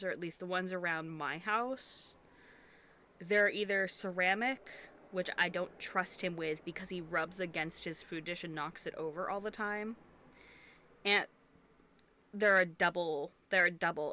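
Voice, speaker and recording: A woman's voice: fairly low pitch, pushed and bright. A young woman streamer, congested and sniffling, chatting casually and rambling while she crochets, swearing freely and restarting her sentences.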